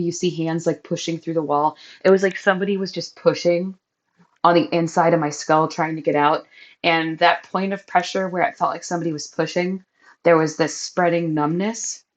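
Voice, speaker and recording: A young adult woman hosting a candid, emotional catch-up podcast, talking over a crackly built-in mic. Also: sits low. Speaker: podcast host. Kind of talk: personal catch-up podcast monologue.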